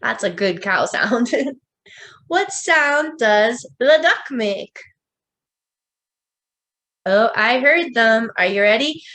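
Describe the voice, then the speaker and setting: A woman, a children's librarian, leading a preschool storytime with songs, animal sounds and a picture book read aloud in a slow, sing-song, coaxing way. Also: a little high, animated, a bit bright.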